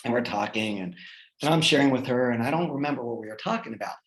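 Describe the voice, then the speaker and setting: Guy in his 40s, gravelly voice, mid pitch, chatty storytelling w lots of fillers, echoey room. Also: quick pace. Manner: animated, lots of "like" and restarts. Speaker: guest speaker. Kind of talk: personal storytelling in a group talk.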